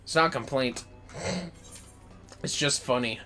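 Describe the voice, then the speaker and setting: A man talks casually into his desk mic while streaming a game, swearing freely and answering chat. His voice is bright and forceful at a middle pitch, and faint game music plays underneath. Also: measured pace. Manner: chatty, swears freely, reads chat aloud. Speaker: livestreamer. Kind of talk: casual gameplay commentary.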